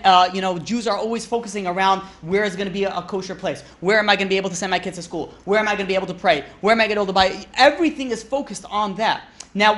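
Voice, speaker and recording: A man's voice: high-pitched, fairly bright tone. A man, a rabbi, teaching an informal class in a chatty, joking way, often asking "right?" and "you know".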